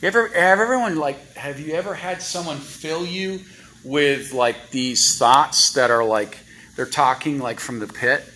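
A man's voice: fairly high pitch, unhurried, bright, forceful tone, low-quality recording. A man preaching a sermon in a church, chatty and full of rhetorical questions to the congregation. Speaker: guest preacher. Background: congregation responses.

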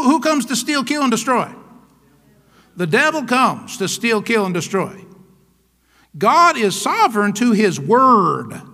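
Emphatic male pastor preaching, high bright voice, echoing church hall. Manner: emphatic, repeats "come on now" and "hello?". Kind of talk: sermon.

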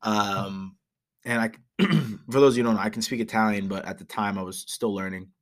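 A young man with a somewhat low voice tells stories in loose, profane podcast chat. He gets animated as he goes, acting out other people with sudden loud shouts. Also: a little fast. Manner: animated storyteller, swears a lot, shouts in impressions. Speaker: podcast co-host. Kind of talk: casual chat.

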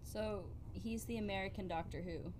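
A woman co-hosting a casual chat, making quick joking interjections. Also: medium pitch, a little mellow, a little hiss or hum. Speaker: podcast co-host.

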